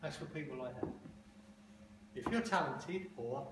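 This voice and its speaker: This man's voice is a little high and a little slow. He addresses advertising students in a loose talk with Q&A, spinning blunt, profane stories with plenty of emphasis. The audio comes from an audience member's phone and sounds far off, echoey and noisy.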